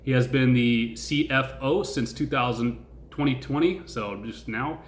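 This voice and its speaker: A man's voice: medium pitch, a little slow, reverberant, a little hiss or hum. A man hosting a stock-investing channel, chatting casually, laughing often and asking his viewers questions. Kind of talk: casual video commentary.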